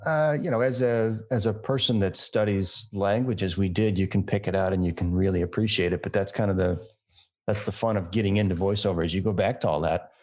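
A man's voice: fairly low pitch, fairly quick, a little mellow. A man who works in voiceover, chatting and telling stories. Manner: chatty anecdotal storyteller. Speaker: voiceover artist, podcast guest. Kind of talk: casual chat.

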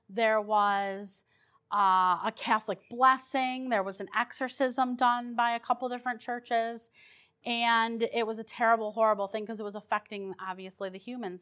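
A woman's voice: medium pitch, pushed and bright. A woman paranormal investigator telling her stories in a chatty, rambling way, with restarts and fillers. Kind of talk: casual storytelling.

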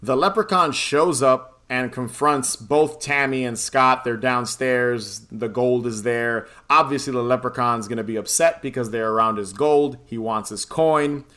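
Guy rambling through a movie plot, swears a lot, laughs, crisp bright voice. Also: mid-range voice, measured pace, few pauses. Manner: rambling, profane, laughs often. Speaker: podcast co-host recapping a film. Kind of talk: casual chat.

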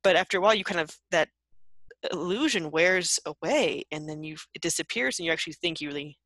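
A woman's voice: on the low side, animated, quick pace, fairly bright tone, no echo. A woman hosting a casual chat, curious and hedging with fillers. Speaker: host.

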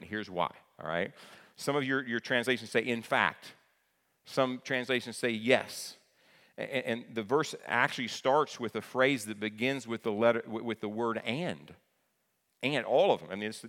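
Conversational preacher in a reverberant hall. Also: male voice, on the low side, fairly bright tone. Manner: conversational, repeats key phrases for emphasis. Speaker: pastor. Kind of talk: sermon.

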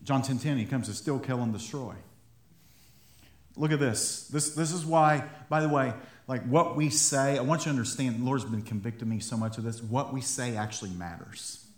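A man's voice: medium pitch, normal speed. A man preaching a sermon in a conversational way, acting out little quotes and building to fired-up emphasis. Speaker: pastor. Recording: echoey room.

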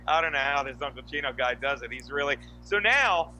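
A man hosting a podcast, telling animated stories in casual chat with lots of asides. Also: mid-range voice, fairly quick, a little hiss or hum, low-quality recording. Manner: animated storytelling, frequent asides. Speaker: podcast host.

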